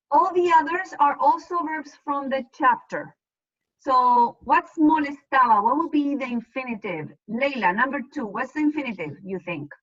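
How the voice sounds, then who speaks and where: A woman's voice: high-pitched, fairly bright tone, lo-fi sound. A woman teaching a Spanish class over a video call, explaining patiently and step by step. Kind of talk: online class lesson.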